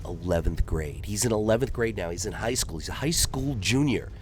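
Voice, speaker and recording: A man's voice: fairly low pitch, expressive, a little fast, few pauses, a little hiss or hum. A man doing gameplay commentary, telling a long rambling joke and acting out the characters in raised voices.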